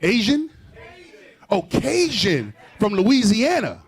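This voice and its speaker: A man's voice: high-pitched, slow. Man, stand-up comedian, new york accent, bouncy intonation, teasing crowd work, audience around. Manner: teasing, animated, laughing between jokes. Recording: live crowd in the room. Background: audience laughter and claps.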